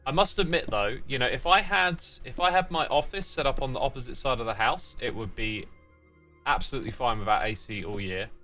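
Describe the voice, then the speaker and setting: A man hosts a relaxed gaming livestream, chatting with viewers and reading their messages aloud. His voice is bright and sharp, and his pitch swings a lot, especially when he jokes. Faint music plays behind him. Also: fairly quick. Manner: reads chat messages aloud and answers them while playing; playful, teasing fake sign-offs. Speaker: livestream host. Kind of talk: casual gaming livestream chat.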